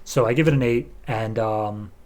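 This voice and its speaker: A man's voice: lowish voice, moderate pace, darkish tone. A man hosting a podcast, giving a loose, chatty review full of fillers like "like" and "um". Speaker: podcast host reviewing comics.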